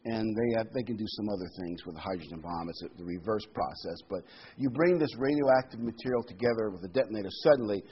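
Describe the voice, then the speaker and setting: A man preaching a sermon to his congregation. He leans hard on key words and repeats them, with loud bursts on the stressed ones. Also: lowish voice. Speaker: pastor. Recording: slightly dull lo-fi sound with faint room noise.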